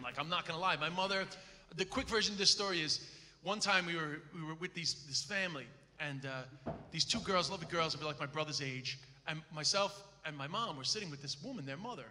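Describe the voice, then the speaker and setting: A man, a comedian, telling stories with lots of swearing at a live interview in front of an audience. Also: fairly high pitch. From Ireland. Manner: swearing, storytelling, animated. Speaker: comedian guest. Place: large hall with live audience. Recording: echoey hall with audience.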